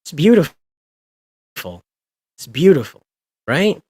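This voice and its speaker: A man's voice: on the high side, animated, slow pace, darkish tone, a little hiss or hum. A man hosting a livestream, ranting in a sarcastic, sweary, exasperated way. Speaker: livestream host. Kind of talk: casual ranting stream commentary.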